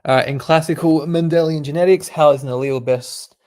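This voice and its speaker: A man's voice: on the high side, steady tone, brisk, a little mellow. A young man, a medical student, reading quiz questions aloud and explaining the answers in a laid-back, casual way. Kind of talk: casual quiz study session.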